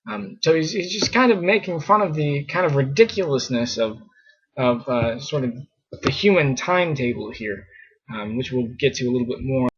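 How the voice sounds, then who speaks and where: A man's voice: medium pitch, animated, moderate pace, breathy edge. A man teaching scripture in a casual, conversational way, full of fillers and mock exasperation. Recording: muffled lo-fi recording.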